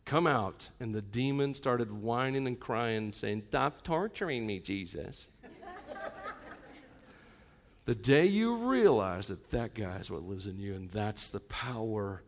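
A male pastor preaching to a live congregation, conversational with joking asides, swinging between loud emphatic lines and quiet intimate ones. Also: lowish voice, lively intonation, a little slow, few pauses. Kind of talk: sermon.

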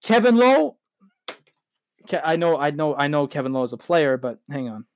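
A man's voice: on the high side, sing-song, moderate pace, no room sound. Heated rambling sports podcast host, man. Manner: rambling, heated, self-correcting. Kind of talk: solo sports talk podcast.

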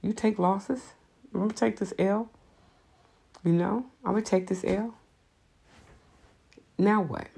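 A woman's voice: mid-range voice, steady tone, takes it slowly, vocal fry, pauses often, dark tone, breathy edge. A woman giving blunt, profane advice in an unscripted monologue, speaking emphatically.

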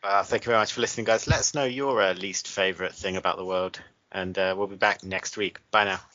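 A man's voice: sits low, steady tone, quick pace, sharp tone, lo-fi sound. A man co-hosting a podcast in casual chat, rambling through far-fetched hypotheticals. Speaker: podcast co-host.

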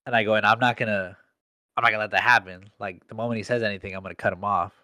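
A man's voice: on the low side, fairly even intonation, very fast, pushed and bright, no room sound, clean studio sound. A young man in casual chat, telling a work story in slangy speech full of "like". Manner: slangy storytelling, heavy use of "like".

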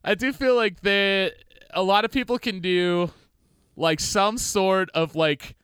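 A man's voice: sits high, slow, fairly bright tone, smooth, dry recording, clean studio sound. A man co-hosting a comedy podcast in crude, joking, rambling casual chat. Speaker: podcast co-host.

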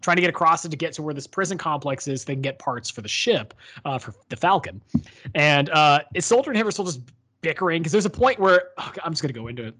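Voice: mid-range voice, lively intonation, fast talker, fairly bright tone. A podcast co-host in casual chat about a book, rambling with many fillers and restarts.

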